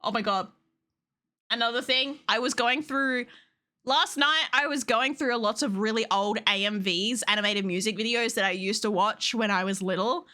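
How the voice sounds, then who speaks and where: Bright, bubbly young woman streamer. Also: on the high side, normal speed. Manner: excitable, swears a lot, laughs often. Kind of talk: casual livestream chat.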